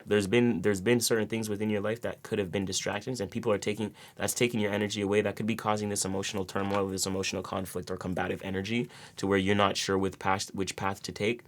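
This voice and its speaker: A man's voice: fairly low pitch, level tone, quick pace, few pauses. A man giving a casual tarot reading to his viewers, rambling with repeated words and many fillers. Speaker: tarot reader.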